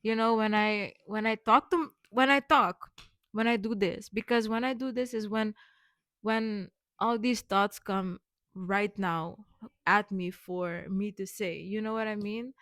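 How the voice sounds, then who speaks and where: A young woman vlogging casually, rambling with many fillers and restarts, speaking warmly affirming words to her viewers. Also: medium pitch, measured pace, no echo, clean studio sound. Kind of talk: rambling personal vlog.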